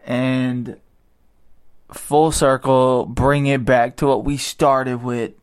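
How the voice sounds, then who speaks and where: A young adult man co-hosting a podcast, playful and bantering, with quick interjections. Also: mid-range voice, flat delivery, clear, resonant tone. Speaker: podcast co-host. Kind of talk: casual chat.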